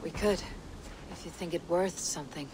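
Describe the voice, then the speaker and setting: An actress playing a calm, steady female Viking warrior leader in a video game. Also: lowish voice, moderate pace, noisy background, close to an everyday voice. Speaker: game protagonist.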